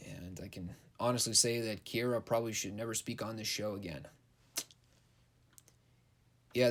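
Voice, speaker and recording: A young man giving a casual, blunt and sarcastic recap of wrestling shows, swearing freely. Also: mid-range voice. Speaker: wrestling show reviewer.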